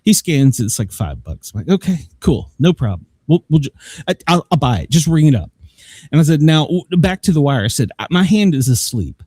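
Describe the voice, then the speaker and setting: A man's voice: a little high, sing-song, brisk, darkish tone, husky, dry recording. A man telling a long, rambling story in casual chat as a show host, laughing often. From Southern United States.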